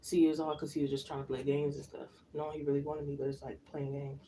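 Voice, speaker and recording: A woman's voice: low voice, level tone, fast, dark tone, far from the mic, a little hiss or hum, low-quality recording. A woman tarot reader in casual live-stream chat, telling slangy stories and laughing often. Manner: chatty, slangy storytelling with frequent laughs.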